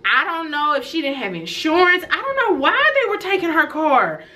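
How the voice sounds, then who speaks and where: A woman's voice: high-pitched, sing-song, normal speed, bright, forceful tone. A young woman, casually telling a story to her viewers, often laughing as she talks. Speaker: storytelling vlogger.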